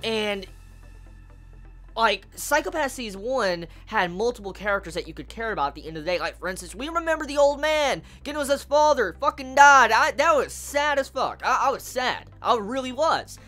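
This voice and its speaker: A woman's voice: fairly high pitch, lively intonation, normal speed, fairly bright tone, faint music behind. A woman reviewing an anime episode in a profane, exasperated rant, often stumbling over and repeating her words.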